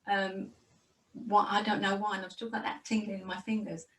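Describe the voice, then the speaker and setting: A woman's voice: mid-range voice, normal speed, recorded from a distance, rough recording. An older woman with a Birmingham accent, telling her life story as an interview guest in a chatty way, often repeating words. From Birmingham, England. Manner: chatty, lively, repeats words as she goes.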